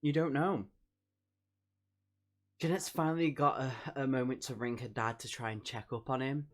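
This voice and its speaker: A man hosting a book review vlog, reading excerpts from a novel aloud and breaking off to react. His voice sits at an everyday middle pitch, and his delivery is emphatic and expressive, swinging from glee to revulsion. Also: moderate pace. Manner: emphatic, reacting with disgust and delight.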